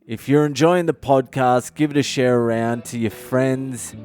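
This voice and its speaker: A man's voice: medium pitch, steady tone, measured pace, darkish tone, clean tone, faint music behind. A man hosting a solo podcast, telling rambling stories in a blunt, profane way. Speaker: podcast host, comedian. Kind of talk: solo confessional podcast storytelling.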